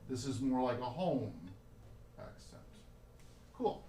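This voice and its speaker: A man's voice: medium pitch, lively intonation, takes it slowly, dark tone, slight background noise. Chatty man coaching a string group. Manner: chatty, sings phrases, frequent "right?" and "okay?". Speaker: violin workshop leader. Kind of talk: hands-on music coaching. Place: room with musicians playing.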